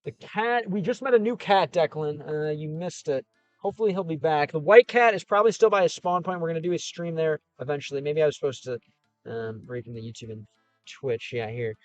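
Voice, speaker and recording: A man's voice: a little high, fairly quick, dry recording, lo-fi sound, soft background music. A man with a Chicago Midwest accent hosting a casual livestream, reading comments in a rambling, upbeat and encouraging way with lots of fillers. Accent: Chicago, American Midwest. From American Midwest.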